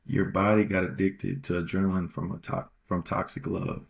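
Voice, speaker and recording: A man's voice: low voice, little pitch movement, normal speed, vocal fry. A man hosting a podcast, giving casual relationship advice in a rambling, slangy way and repeating phrases for emphasis. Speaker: podcast host.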